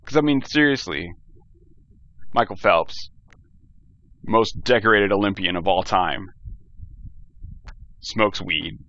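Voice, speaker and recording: A man's voice: on the low side, slow pace, long pauses, a bit bright. A young man hosting a solo podcast, ranting in a profane, rambling, jokey way, recorded on a cheap gaming headset. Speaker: podcast host. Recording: dull lo-fi headset audio.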